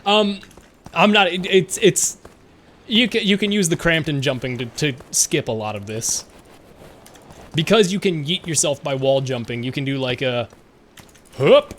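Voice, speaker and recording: A man's voice: a little high, a little slow, long pauses, fairly bright tone, slight background noise. Rambling, self-mocking male streamer. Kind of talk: casual gameplay commentary.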